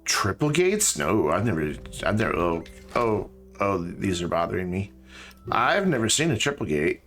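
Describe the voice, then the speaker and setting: A man's voice: low-pitched, very animated, moderate pace, a bit bright, soft background music. A man chatting casually while he streams a game, joking and talking to objects in it. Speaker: live streamer. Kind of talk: casual gameplay stream chat.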